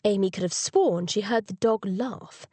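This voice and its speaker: A woman reading a cozy mystery audiobook as narrator, with expressive storytelling on a close studio mic. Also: medium pitch, unhurried, no room sound. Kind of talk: scripted narration.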